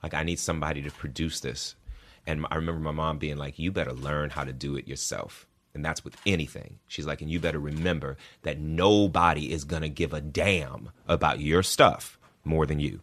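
A man's voice: extremely low pitch, a little fast, fairly bright tone. A man in his thirties, a guest in an interview, talking earnestly and repeating words for emphasis. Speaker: guest, actor and singer. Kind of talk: interview conversation.

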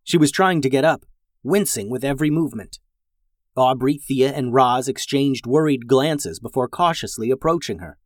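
A man narrating a children's story in an expressive, animated reading voice. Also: mid-range voice, normal speed, no echo, clean studio sound.

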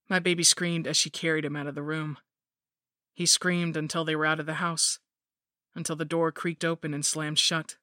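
A woman's voice: low-pitched, flat delivery, normal speed, pushed and bright, no echo, studio quality. Woman narrating a grim horror story.

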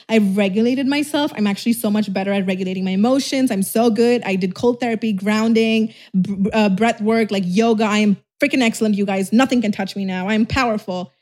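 A woman hosting a podcast, telling a personal story in a fast, emphatic, rambling way with casual cussing, close to the mic. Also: mid-range voice, a little mellow. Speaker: podcast host.

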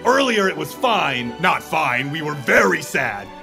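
A man voicing a doting, teasing middle-aged dad with horns, gushing and excitable. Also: a little high, measured pace, creaky, soft background music, full character voice.

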